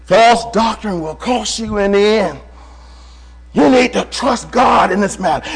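A man preaching a sermon, swinging between shouts and hushed tones and calling out to the congregation as brother. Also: high-pitched, a little slow, gravelly, husky.

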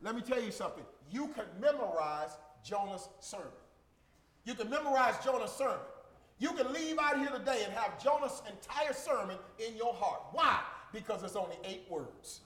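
A man preaching a sermon, emphatic and repetitive, swinging from shouted lines to quiet murmurs. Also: very high-pitched, animated, normal speed.

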